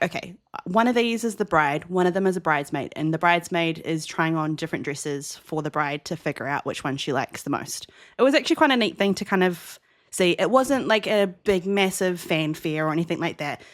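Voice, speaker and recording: New Zealand woman telling a story. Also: a little fast. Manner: animated storyteller, acts out quoted dialogue in a higher voice. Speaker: podcast co-host. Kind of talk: casual storytelling chat.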